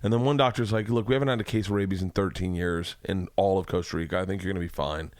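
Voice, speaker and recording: Low-voiced man telling a wild story. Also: fast, dry recording, studio quality. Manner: animated storyteller, acts out quoted voices, swears freely. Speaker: podcast host. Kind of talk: casual storytelling chat. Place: home studio room.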